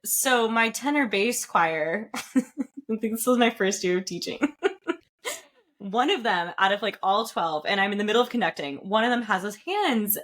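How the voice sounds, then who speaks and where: A woman co-hosting a casual podcast, playful and giggly, rattling off stories quickly. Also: mid-range voice, big pitch swings, fairly bright tone. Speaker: podcast co-host and choir teacher.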